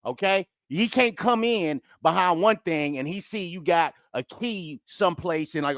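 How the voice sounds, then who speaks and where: A man gives casual reaction commentary in a blunt, slangy way. His pitch swings widely as he talks. The sound is dry, with no room around it. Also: normal speed, few pauses, no room sound. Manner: animated, blunt, street slang. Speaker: reaction video host. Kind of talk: casual commentary over bodycam footage.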